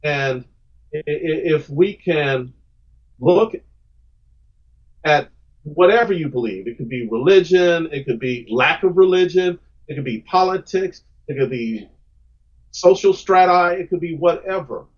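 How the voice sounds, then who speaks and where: A man's voice: a little high, animated, unhurried, lo-fi sound. A man answering podcast interview questions about his comics, earnest and emphatic, often repeating words as he starts a thought. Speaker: guest comic book creator.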